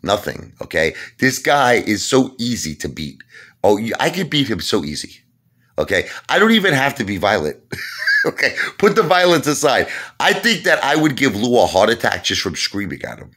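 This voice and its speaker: A man's voice: medium pitch, very animated, normal speed, a bit bright. A man delivering an emphatic comedic trash-talk rant to camera, repeating himself and pressing the point again and again. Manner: emphatic and repetitive, keeps saying "listen to me" and "okay?". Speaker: vlogger.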